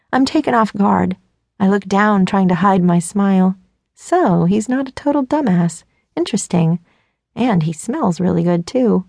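A woman's voice: medium pitch, lively intonation, a little slow, vocal fry, darkish tone, dry recording. A woman narrating a first-person audiobook in a self-mocking, flustered voice, close to the mic.

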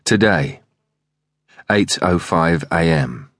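A man narrating an audiobook thriller in the first person, reading in a measured, steady way. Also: sits low, no room sound, clean studio sound.

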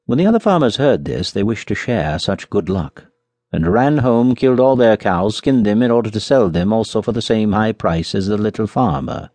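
Low-voiced, expressive male storyteller. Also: normal speed, no echo. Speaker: audiobook narrator. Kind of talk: scripted fairy-tale narration.

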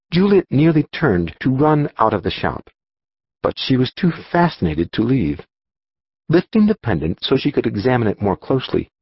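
Expressive man narrating an audiobook. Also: mid-range voice, slightly rough, dry recording, lo-fi sound. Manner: expressive storytelling, voicing dialogue.

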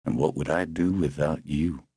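A man's voice: deep voice, very animated, normal speed, slightly rough, no echo, studio quality, heavily acted. A man reading the lines of a large, loyal chauffeur who worries about his employer, in an audiobook.

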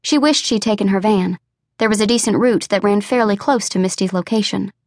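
A woman's voice: mid-range voice, no room sound, clean studio sound. Woman reading a romance suspense audiobook. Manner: measured, even storytelling. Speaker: audiobook narrator. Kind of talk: scripted audiobook narration.

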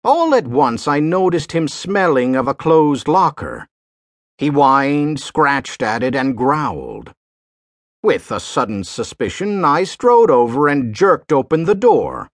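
Male narrator, slow folksy sailor-dialect drawl with an animated melody. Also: on the high side, no room sound, clean studio sound. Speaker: audiobook narrator. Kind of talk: scripted audiobook narration.

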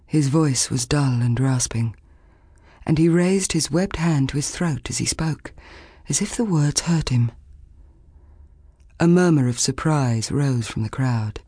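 A woman narrating a children's fantasy audiobook at a slow, measured pace. Her voice is slightly husky and expressive, recorded close on a dry studio mic. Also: rumbling low, dry recording. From Australia. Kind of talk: scripted narration.

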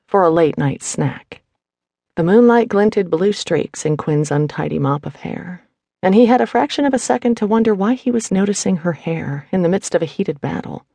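A woman reading scripted narration for a fantasy romance audiobook, measured and expressive. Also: lowish voice, vocal fry, dry recording.

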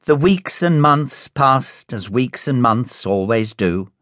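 A man reads a classic novel aloud in a measured, unhurried manner. His voice sits at a middle pitch and moves at a slow, careful pace. The recording is close and dry, with no room sound. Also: animated, a bit bright, no room sound. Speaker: audiobook narrator. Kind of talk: scripted narration.

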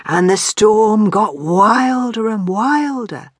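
Woman, storybook narration, hugely animated and slow, husky, dry close sound, faint music. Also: medium pitch, no room sound. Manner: animated, playful, with whispered asides. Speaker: author reading her own book.

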